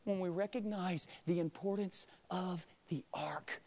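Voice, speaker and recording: A young man preaching a sermon in a church, swinging from hushed, quiet passages to loud, impassioned pleading. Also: high-pitched, unhurried. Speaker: pastor. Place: church sanctuary.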